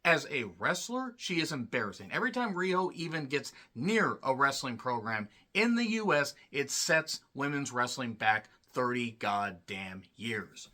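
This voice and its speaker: A man giving a blunt, profane solo review of a wrestling show, ranting and clearing his throat often. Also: mid-range voice, sing-song, unhurried, few pauses, bright, forceful tone.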